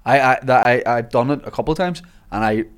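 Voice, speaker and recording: Comedian, co-host, mid-pitched, teasing questioner. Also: male voice, fast talker, clear, resonant tone. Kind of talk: casual chat.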